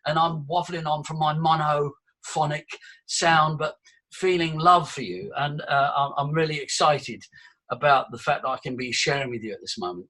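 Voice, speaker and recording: Older male voice coach addressing a crowd: high, bright, sharp delivery, theatrical. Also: animated, moderate pace, breathy edge. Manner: exuberant, theatrical, swings between loud and soft. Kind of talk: talk to a live audience.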